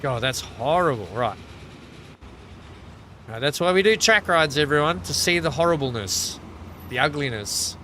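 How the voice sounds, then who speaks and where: A man's voice: a little high, normal speed, pauses often, slight background noise, low-quality recording. A man chatting casually while playing a game on a livestream, telling stories with frequent laughs. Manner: animated storyteller, laughs often, chatty. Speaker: streamer.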